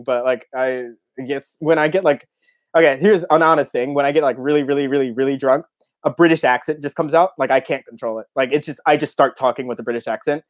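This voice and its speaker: A young man hosts a relaxed livestream Q&A with a slightly high-set voice. He chats loosely and reads viewer comments aloud. He breaks into laughter often. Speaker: YouTube host. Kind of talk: casual livestream Q&A chat.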